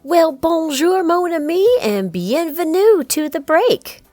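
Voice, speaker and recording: A woman's voice: very high-pitched, takes it slowly, soft background music. A woman co-hosting a podcast, reading the mid-show announcements in an upbeat promotional manner. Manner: upbeat, lively promotional delivery. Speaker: podcast co-host reading the break.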